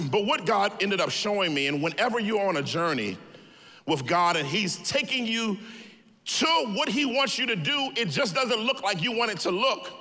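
A man pastor preaching a sermon, telling stories with humor in an animated way. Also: high voice, a little slow, long reverb tail.

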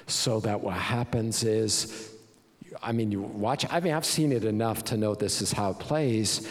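A man preaching a sermon as pastor, emphatic and animated, with many rhetorical questions. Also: lowish voice, measured pace, in a large hall.

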